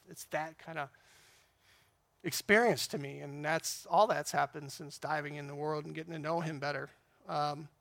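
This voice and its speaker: Gravelly-voiced man giving a church talk. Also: a little high, a bit bright. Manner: conversational, rambling with fillers. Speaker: men's group speaker.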